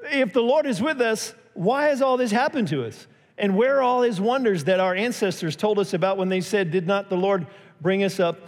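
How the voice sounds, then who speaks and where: Guy pastor preaching, voice a bit high, echo rolling round a big church. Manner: storytelling, acts out quotes in a raised voice. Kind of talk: sermon.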